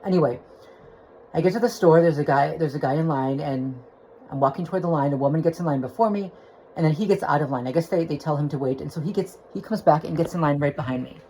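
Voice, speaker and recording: A woman's voice: deep voice, quick pace, warm tone, a little hiss or hum, rough recording. A woman telling a personal story into her phone, agitated and rambling, with restarts and swearing. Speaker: vlogger.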